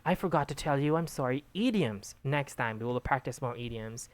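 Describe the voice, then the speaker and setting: A woman with a low voice gives patient, encouraging feedback in a one-on-one English lesson, checking in often with "okay". The sound is dry and close, with no room around it. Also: animated, normal speed, no echo. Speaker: English tutor giving exam feedback.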